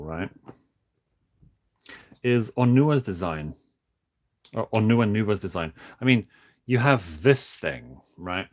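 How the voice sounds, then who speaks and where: Low, flat-voiced man, halting chat. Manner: flat, monotone, halting with many restarts. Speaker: streamer building toys. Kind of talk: casual livestream chat.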